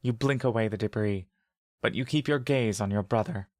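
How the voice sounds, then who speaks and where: A man reading a scripted second-person fantasy story in a steady, vivid storytelling manner. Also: fairly low pitch, moderate pace, dry recording, studio quality. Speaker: narrator.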